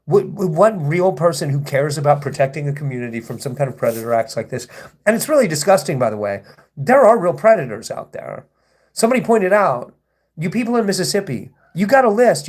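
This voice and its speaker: A man's voice: on the high side, gravelly, darkish tone. A man hosting a livestream, talking to his chat in an indignant, sarcastic, rambling way with frequent restarts. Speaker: livestream host. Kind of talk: livestream monologue addressing chat.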